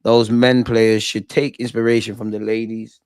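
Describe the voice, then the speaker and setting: A man's voice: lowish voice, normal speed, clear, resonant tone, no echo. Young male fan-channel host, slangy and hyped, dry close mic. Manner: excitable, slangy, shouts out viewers. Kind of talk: live watch-along reaction.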